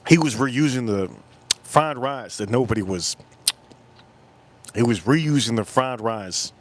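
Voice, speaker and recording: A man's voice: medium pitch, measured pace, a little hiss or hum. American dude on a livestream, rambling crude banter w/ chat, sipping drinks as he goes. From United States. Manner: drinking on stream between lines. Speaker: livestream host.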